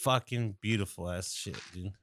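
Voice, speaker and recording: A man's voice: lowish voice, normal speed, a bit bright, slight background noise. A man co-hosting a casual podcast, easygoing and agreeable. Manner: laid-back, agreeable, says "dude" often. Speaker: podcast co-host.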